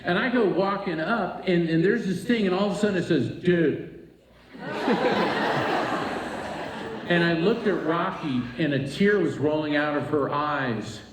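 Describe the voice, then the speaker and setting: A retreat speaker from Florida's East Coast, whose voice sits fairly high, shares a personal story with a live crowd, lively and playing out each character's voice. The room is echoey, he sounds far from the mic, and there's slight background noise.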